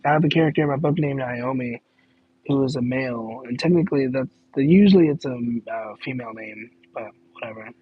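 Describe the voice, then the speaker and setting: A man's voice: mid-range voice, a little fast, phone-quality sound, a little hiss or hum. A man chatting casually on a live question-and-answer stream, rambling, stopping to correct himself and laughing in disbelief.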